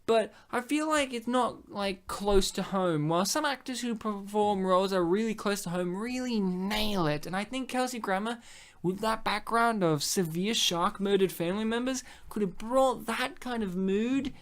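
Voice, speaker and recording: A man's voice: sits high, moderate pace, fairly bright tone. A man chatting casually on a podcast, rambling through comic bits. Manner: rambling, joking, slips into silly voices and laughs often. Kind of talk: casual comedic chat.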